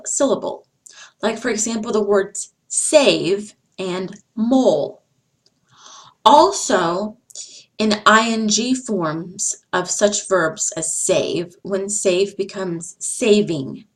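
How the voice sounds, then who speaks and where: A woman giving a slide-based phonics lesson, speaking deliberately and repeating each example sound. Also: mid-range voice. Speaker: English teacher.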